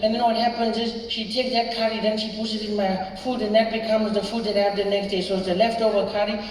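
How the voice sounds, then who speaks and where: A high, fed-up seven-year-old boy, as a comedian puts him on, who shrieks and grumbles about his lunch. It sounds lively and keyed-up, caught from across a reverberant hall with room noise behind it. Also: quick pace, close to an everyday voice. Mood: weary complaining. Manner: shrieking complaints, then weary grumbling. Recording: echoey hall from far, crowd noise.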